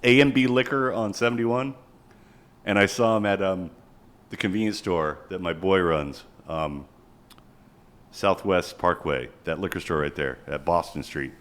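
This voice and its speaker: A man's voice: low-pitched, measured pace, a bit bright. A young man co-hosting a podcast, rambling crudely and swearing as he jokes. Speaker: podcast co-host. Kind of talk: casual podcast chat.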